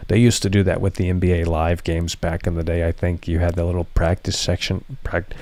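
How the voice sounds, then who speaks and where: Talking to his chat on a casual livestream, a man rambles and swears freely. His deep voice stays level, a little fast, with a darkish tone.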